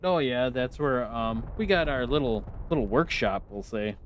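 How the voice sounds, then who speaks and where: Chatty northern US streamer, noisy background. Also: male voice, mid-range voice, expressive, moderate pace. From United States. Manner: chatty, answers chat questions with easy laughs. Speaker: game streamer. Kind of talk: casual live-stream chat.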